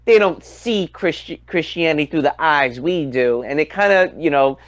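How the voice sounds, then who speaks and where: A man from the United States, co-hosting a casual podcast chat and telling stories in an animated way over a remote call. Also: a little high, moderate pace. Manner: animated storyteller acting out quotes. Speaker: co-host.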